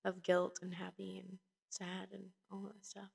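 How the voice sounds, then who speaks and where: A woman's voice: mid-range voice, monotone, a little slow, gravelly, a little mellow, breathy edge. A woman co-hosting a podcast, chatting casually and retelling stories with lots of fillers and restarts. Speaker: podcast co-host. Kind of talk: casual chat.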